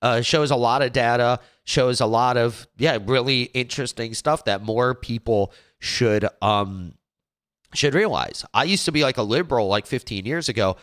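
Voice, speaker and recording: A man hosting his own show, talking casually after a clip plays. He rambles and restarts his sentences, and his mid-pitched voice sits close and dry on the mic. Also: normal speed, a bit bright, no room sound. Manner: rambling, with frequent restarts and fillers. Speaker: show host. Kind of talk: casual commentary.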